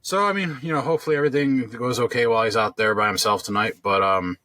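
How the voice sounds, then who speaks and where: A man's voice: medium pitch, fast, sharp tone, no room sound. A man co-hosting a podcast, telling a long story in casual chat, rambling with lots of fillers and restarts. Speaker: podcast co-host.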